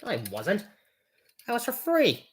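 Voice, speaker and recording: A woman voicing a cheeky toy figure that talks back to its owner in low, quiet retorts. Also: huge pitch swings, a little slow. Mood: sassy.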